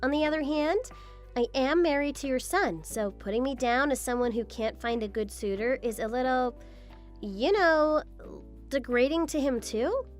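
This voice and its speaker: A woman's voice: high-pitched, animated, normal speed, soft background music. A woman voicing a patient, apologetic young daughter-in-law in a scripted text-story drama. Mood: firm. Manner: apologetic, polite.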